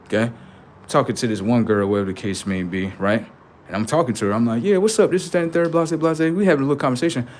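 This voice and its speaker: A young man ranting in a loud comedic streetwise voice, swearing and swinging between high outbursts and low mutters. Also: fast talker, slight background noise. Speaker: comedic streamer. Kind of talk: comedic rant with character bits.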